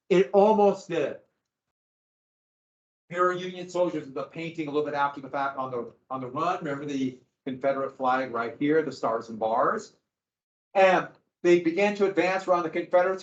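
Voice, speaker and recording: A man's voice: a little high, a bit bright. A man teaching a history lesson in a chatty, wry lecture style, with asides and dry jokes. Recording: echoey room, dull lo-fi sound.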